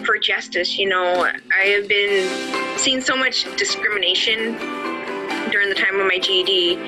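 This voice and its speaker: In a low-quality recording with music playing underneath, a middle-aged woman shares her personal story. She's an adult student and award winner, speaking earnestly and from the heart at a moderate pace in a mid-range voice, often adding "you know".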